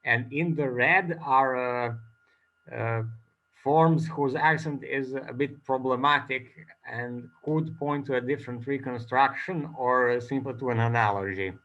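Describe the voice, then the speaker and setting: A man giving an academic conference talk as a presenter, speaking haltingly with many filler pauses. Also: medium pitch, a bit bright, muffled recording.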